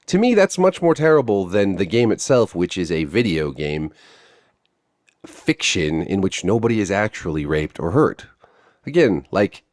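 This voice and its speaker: A man with a low voice gives an opinionated, sarcastic video commentary. He swears bluntly and swings his pitch up and down a lot. He is close to the mic. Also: darkish tone.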